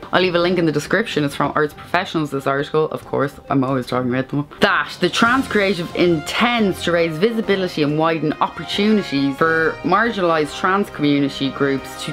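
Irish woman doing a theatre news vlog, lowish voice, cheeky and sarcastic asides. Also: fairly bright tone. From Ireland. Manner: playful, sarcastic, jokey asides. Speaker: theatre vlogger. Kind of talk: chatty news roundup vlog.

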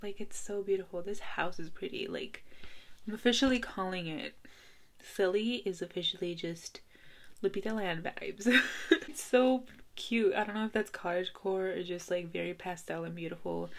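A woman's voice: lowish voice, vocal fry. 25 y/o girl reacting to a video in her bedroom late at night, giggly and gushy, keeps dropping to whispers, faint hiss behind. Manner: gushing and giggly, often dropping to a hushed whisper. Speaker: video creator reacting to a music video. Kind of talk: casual reaction commentary.

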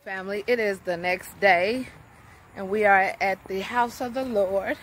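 A woman's voice: medium pitch, measured pace, a bit bright, a little hiss or hum. A woman, a mother, chatting casually to her viewers in a vlog. She laughs often and talks straight to the camera about her day. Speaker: vlogger, mother. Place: outdoors and in a car, sunny day.

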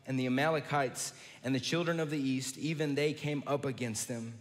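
A man with a Southern American accent preaching a sermon as pastor, often repeating words as he restarts his sentences. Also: medium pitch. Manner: repeats words and restarts, warm church greetings. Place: large church sanctuary. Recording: long hall reverb.

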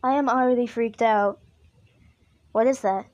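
Reaction host: woman, high voice, slow, frightened pleading, dull lo-fi audio. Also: fairly even intonation, darkish tone. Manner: frightened, pleading with the screen, repeating herself. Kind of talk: casual reaction commentary.

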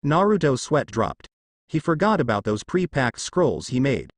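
A man narrating a fan story aloud in a steady storytelling manner, close to the mic. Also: mid-range voice, normal speed, no echo.

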